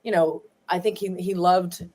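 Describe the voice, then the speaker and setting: A woman's voice: lowish voice, steady tone, a little slow, a little mellow. Chatty woman telling family stories. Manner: chatty, rambling, many fillers and restarts. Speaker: guest, granddaughter of a former ballplayer. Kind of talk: casual storytelling interview.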